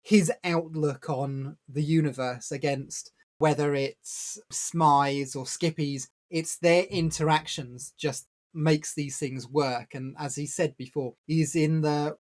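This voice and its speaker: A man with a voice a little higher than most, talking through a book in a relaxed podcast chat. He explains at length and drops small laughs as he goes. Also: slow pace, few pauses. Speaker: podcast co-host. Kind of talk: casual book-review chat.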